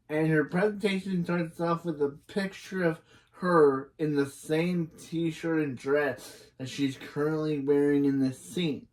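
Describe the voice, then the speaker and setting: A man's voice: a little high, a little mellow. Chatty man recapping a TV episode. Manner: chatty, reads characters' lines aloud between puzzled asides. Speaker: TV episode reviewer. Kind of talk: casual episode recap and reaction.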